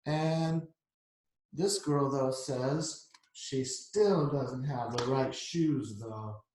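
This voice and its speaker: A man's voice: mid-range voice, extremely slow, darkish tone, slight background noise. A middle-aged man reading a picture book aloud to children, chatty and explaining the pictures as he goes. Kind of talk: read-aloud storytime. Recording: echoey room.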